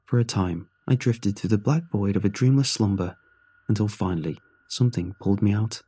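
Brief: low, dark-toned male narrator, husky, somber horror reading. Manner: somber, measured first-person telling. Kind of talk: scripted horror story narration.

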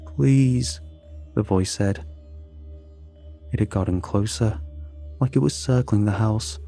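A man narrating a scripted horror story in a measured, suspenseful way. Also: fairly low pitch, dark tone, soft background music.

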